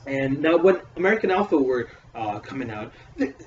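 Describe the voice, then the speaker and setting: A man hosting a casual wrestling review, talking in a profane, excitable and rambling way. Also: mid-range voice, moderate pace, a little hiss or hum. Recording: echoey room, distant mic, dull audio.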